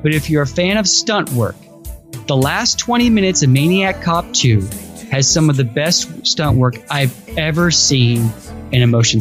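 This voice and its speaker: A man co-hosting a podcast in casual chat, enthusiastic and rambling, often restarting his sentences. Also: mid-range voice. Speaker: podcast co-host.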